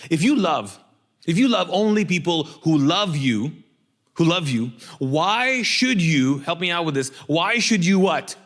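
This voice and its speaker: High-pitched, animated male pastor preaching. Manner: lively, rhetorical, drawing call-and-response from the congregation. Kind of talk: sermon.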